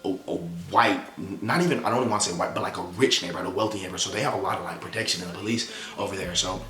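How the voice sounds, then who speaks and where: Young guy telling a storytime quick and slangy, kinda low voice, echoey room w faint music. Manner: slangy, profane, animated retelling with acted-out quotes. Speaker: storytelling vlogger. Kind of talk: casual storytime chat. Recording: roomy echo, faint music behind.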